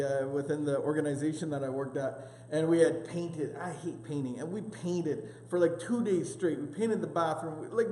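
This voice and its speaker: A man's voice: on the high side, mellow. Rambling man teaching in an echoey hall. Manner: rambling, self-deprecating, many fillers. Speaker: church small-group leader. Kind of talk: casual teaching talk with personal stories. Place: church meeting room. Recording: echoey hall with long reverb.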